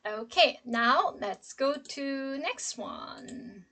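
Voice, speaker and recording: This middle-aged English professor has a high-pitched voice with a sharp tone and lively intonation. She lectures to her class in a slow, emphatic manner, demonstrating intonation while she talks.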